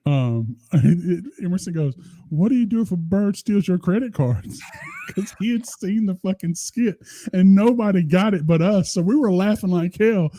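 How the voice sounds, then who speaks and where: Guy in his 30s on a podcast, cussing and joking, mellow voice, dry close sound. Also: high voice, animated, moderate pace, no room sound. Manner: profane, laughing, joking. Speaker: podcast co-host. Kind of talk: casual chat.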